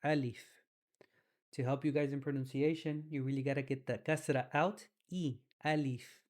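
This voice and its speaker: A young adult man teaches Arabic in a relaxed, slangy, casual lesson, drawing sounds out slowly to show how they're pronounced. His voice is medium in pitch.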